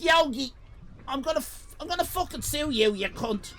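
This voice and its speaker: An Irish man livestreaming, shouting and swearing in a comic rant. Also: very high voice, lively intonation, moderate pace. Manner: loud, profane ranting and shouting; comic exasperation. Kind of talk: live stream chat.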